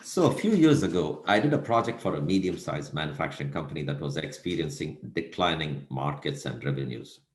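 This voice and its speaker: A male lecturer with a low voice that rises and falls a lot as he tells a story. He keeps asking his listeners rhetorical questions. The sound rings a little, as in an echoey room. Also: expressive, a little fast, hardly any pauses. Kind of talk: recorded lecture.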